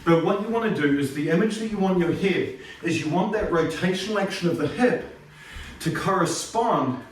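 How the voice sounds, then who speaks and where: Karate teacher guy, kinda high voice, counting reps, far off phone mic in a really echoey room. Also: fast talker, slight background noise. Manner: explains then counts reps aloud in sharp calls. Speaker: karate instructor. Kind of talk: informal martial arts lesson. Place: home training room. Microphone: phone camera across the room.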